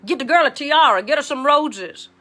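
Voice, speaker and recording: A woman's voice: high voice, lively intonation, moderate pace, pushed and bright. A woman playing a brassy, blunt ex-teacher. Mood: sassy. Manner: sassy, rambling, blunt. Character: brassy blunt middle-aged female ex-schoolteacher. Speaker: comedic livestream host character. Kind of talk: improvised character monologue.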